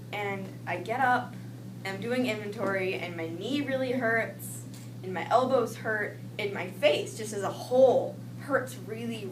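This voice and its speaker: Young woman telling a story from when she was a kid, animated, echoey room, some noise, bit far from the mic. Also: mid-range voice. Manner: animated, acts out quoted voices. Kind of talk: personal storytelling.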